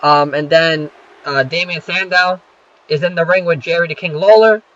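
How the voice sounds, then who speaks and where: Young guy, casual swearing recapper, fillers galore; slightly high, dull home mic. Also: normal speed, fairly bright tone. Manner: rambling, many fillers and profanity. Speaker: wrestling show recapper.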